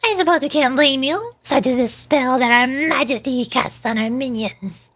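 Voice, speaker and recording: A woman's voice: high voice, normal speed, a bit bright. Woman reading as a pompous little dragon lord. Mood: haughty. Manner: grandiose, commanding. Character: pompous tiny male dragon lord, haughty. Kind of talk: reading game dialogue aloud.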